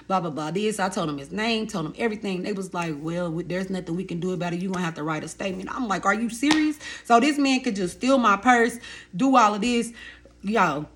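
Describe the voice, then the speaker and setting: A woman in her thirties telling her own life story to viewers in a casual, animated way, often calling them y'all and baby. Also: medium pitch, slight background noise.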